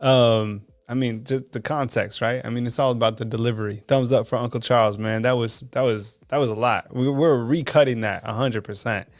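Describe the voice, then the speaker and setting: A man's voice: mid-range voice, fairly even intonation, brisk, few pauses, no echo. A man hosting a sports call-in show, chatting in a laid-back way with lots of fillers. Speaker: show host. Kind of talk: casual hosting chat.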